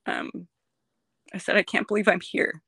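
A gravelly, bright-edged voice recounting a hard personal story in an interview, earnest and emotional. It stops and restarts often, filling gaps with ums. The sound is close and dry, with no room around it. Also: mid-range voice, little pitch movement, no echo. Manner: halting, with frequent ums and restarts. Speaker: guest sharing a recovery story.

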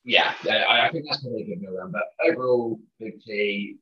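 A man's voice: fairly low pitch, fairly quick, slight background noise. A man co-hosting a podcast in casual chat, upbeat and jokey with hesitant starts. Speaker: podcast co-host. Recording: dull, roomy, distant mic.

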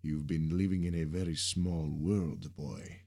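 Guy doing a deep commanding masked baddie, low and slow, taunting a captive in a storybook read. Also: darkish tone, slightly rough, full character voice. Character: menacing masked man, powerful slaver leader.

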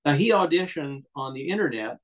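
A man's voice: a little high, expressive, fairly quick, low-quality recording. A man, a guest on an interview show, telling rambling anecdotes with many restarts and fillers. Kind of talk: casual storytelling interview.

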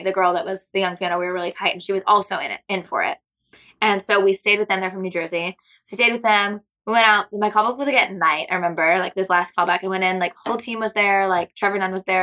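A young woman from Seattle spins a story in a casual chat, rambling along on a steady stream of filler words. Her delivery is rapid-fire. Her tone is bright. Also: medium pitch. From Seattle, United States. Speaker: guest.

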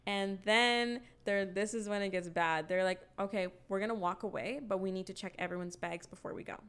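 A young woman with a mid-range, smooth voice talks a little fast as she tells a story in casual chat. She swears freely and acts out the quotes with lively energy.

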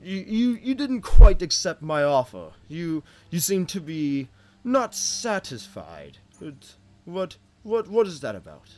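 A man's voice: on the high side, big pitch swings, takes it slowly, darkish tone. A man voicing a fussy male king who stammers politely through his orders.

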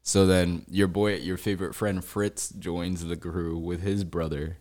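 Deep-voiced man telling a story. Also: flat delivery, measured pace, darkish tone. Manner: laid-back slangy storytelling, swears often. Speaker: podcast co-host. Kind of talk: casual storytelling chat.

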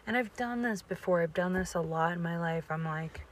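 A woman podcaster telling a rambling casual story, often slipping into breathy near-whispers. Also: lowish voice, fairly quick.

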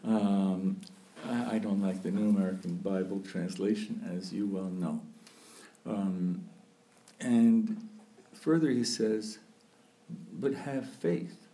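A man, a priest, giving a slow, thoughtful sermon, pausing often to think aloud. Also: fairly low pitch, warm tone. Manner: slow, thoughtful preaching with frequent pauses and fillers.

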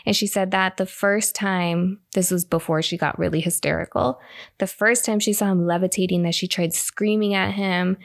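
A woman's voice: medium pitch, moderate pace, gravelly. Woman podcaster telling a creepy tale, acts out the voices, chatty. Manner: animated, acts out quotes. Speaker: podcast co-host. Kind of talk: casual storytelling chat.

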